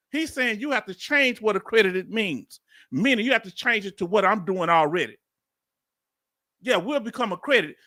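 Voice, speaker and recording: A middle-aged man from Houston, Texas, with a Southern accent and a high voice, riffs casually on a livestream and calls out to his viewers. He is a veteran YouTube host with an animated, preacher-like call-and-response manner. The studio-quality recording has no echo.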